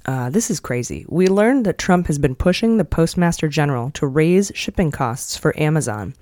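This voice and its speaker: A woman's voice: sits low, lively intonation, moderate pace, darkish tone, no echo, studio quality. A woman hosting a podcast, running through the news with wry jokes in a casual chat. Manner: wry, jokey news rundown. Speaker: podcast host.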